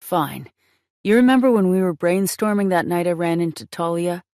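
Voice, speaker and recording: A woman's voice: on the low side, lively intonation, normal speed, darkish tone, no echo. A woman reading the lines of a sheepish, scheming wealthy man in an audiobook, in a plain voice close to her own. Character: man, rich playful schemer. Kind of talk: audiobook character voice.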